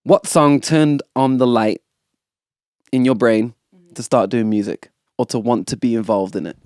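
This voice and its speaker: A man hosting a casual podcast chat from a studio couch, rambling and animated as he tells stories. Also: mid-range voice, normal speed. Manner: rambling, animated storytelling with laughs. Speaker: podcast host.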